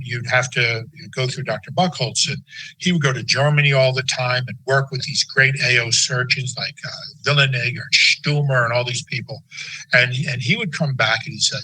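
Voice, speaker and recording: Man in his sixties, a lecturer with a sharp, bright tone, telling stories and making folksy asides. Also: medium pitch, low-quality recording. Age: 60s. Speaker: medical lecturer. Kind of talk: conversational lecture.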